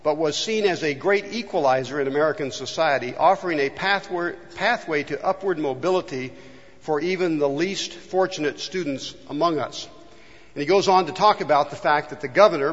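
A man from California preaching a sermon, earnestly asking the congregation rhetorical questions. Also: on the high side. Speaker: pastor. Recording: dull, long reverb in a hall.

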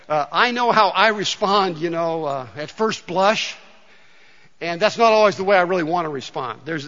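Male pastor, sermon, bright forceful voice, long hall reverb, dull lo-fi sound. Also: a little high.

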